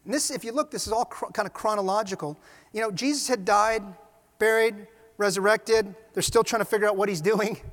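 High-voiced preacher telling stories animatedly. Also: male voice, brisk. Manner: animated storytelling with asides. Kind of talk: sermon. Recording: reverberant hall.

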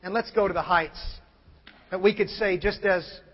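A pastor preaching a sermon, telling a story in an animated way and acting out other people's lines, sometimes building up to shouts. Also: male voice, high-pitched, moderate pace, breathy edge. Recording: long hall reverb, dull lo-fi sound.

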